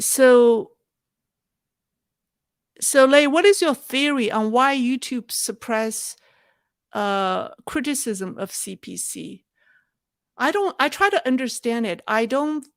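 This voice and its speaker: A woman hosting a live show and answering viewer questions in a thoughtful, halting way. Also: on the high side, no echo, studio quality. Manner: thoughtful, halting, with restarts and soft laughs.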